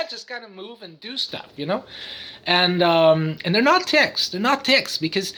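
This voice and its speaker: A man's voice: high voice, expressive, normal speed, a bit bright. A man talking casually to camera about his own habits, rambling and interrupting himself, often breaking into sudden singing, noises and cartoon voices. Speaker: vlogger, autistic father.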